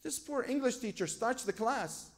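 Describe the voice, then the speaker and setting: A man's voice: very high voice, animated, normal speed. A man giving a sermon as a sheikh. He tells stories from his own life, asks rhetorical questions and quotes scripture. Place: lecture hall at a religious gathering.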